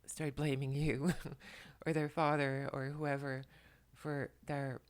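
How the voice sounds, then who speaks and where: A tearful woman at home, speaking to the camera in a soft, halting way while relaying messages, often dropping to a whisper. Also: very deep voice, flat delivery. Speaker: spiritual channeler and makeup vlogger. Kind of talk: emotional channeling talk to camera. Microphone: camera mic, speaking to the camera.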